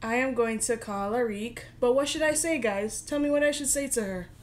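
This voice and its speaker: A woman's voice: a little high, brisk, slight background noise. A young woman hosting a casual live stream from her bedroom, chatty, giggly and self-deprecating. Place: home bedroom.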